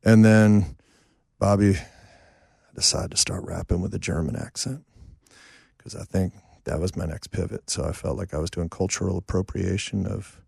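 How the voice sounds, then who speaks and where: A man in his fifties, a songwriter and producer, telling animated, self-deprecating stories in a casual interview. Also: low-pitched, moderate pace, gravelly, slightly rough, dry recording, clean studio sound. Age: 50s. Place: home studio room.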